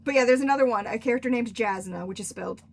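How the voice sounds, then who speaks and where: A woman's voice: on the high side, very fast, creaky, a little hiss or hum. A young woman, an author, chatting casually and rambling on a livestream, laughing often. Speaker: author and streamer.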